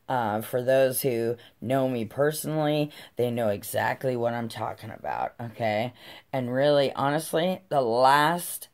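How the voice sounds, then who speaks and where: Brief: middle-aged woman vlogger, deep low voice, drawn-out pace, frank and profane. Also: vocal fry. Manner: blunt, swears freely, laughs while telling. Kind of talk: casual storytelling.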